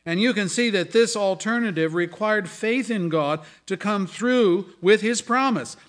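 A man preaching a sermon, swinging between loud dramatic scripture reading and hushed asides. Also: high voice, a little slow. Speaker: pastor. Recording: audio of a sermon.

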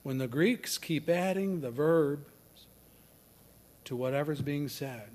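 A man preaching a sermon, swinging from loud declarations down to near-whispers. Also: fairly high pitch. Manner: slow and deliberate. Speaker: pastor.

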